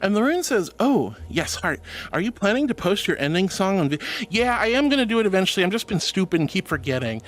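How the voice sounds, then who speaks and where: Woman livestreamer, melodramatic, giggly, very lively voice. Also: medium pitch, quick pace, hardly any pauses. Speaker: VTuber streamer. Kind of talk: casual livestream chat reading messages.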